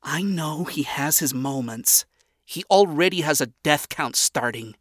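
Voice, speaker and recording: Man reading as a weary, earnest young princess in an audiobook, lively high voice, dry sound. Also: a little slow, no echo. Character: tired, rattled young woman, hopeful about a villain. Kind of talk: audiobook character voice.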